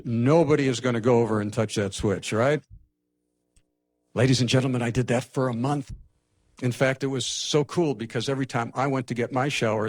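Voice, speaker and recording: An older man from the United States telling a personal story to a live audience, lively and anecdotal with frequent restarts. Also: medium pitch. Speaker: speaker telling his life story.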